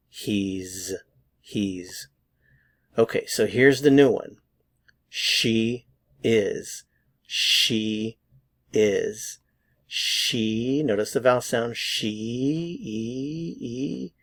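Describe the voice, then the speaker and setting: Man, American accent, pronunciation teacher, slow and patient, lowish voice, dry close sound. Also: no echo. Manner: patient, repeats words slowly for practice. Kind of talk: slow, deliberate pronunciation lesson.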